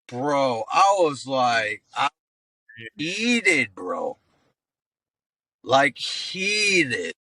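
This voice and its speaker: A man in his thirties with a bright, forceful voice, swapping stories on a podcast. He talks in a slangy, profane, animated way and throws in "bro" constantly. The sound is close and dry. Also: medium pitch, drawn-out words, long pauses, no echo, low-quality recording. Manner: animated storyteller acting out voices. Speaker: guest, active-duty Marine staff sergeant. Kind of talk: casual podcast storytelling.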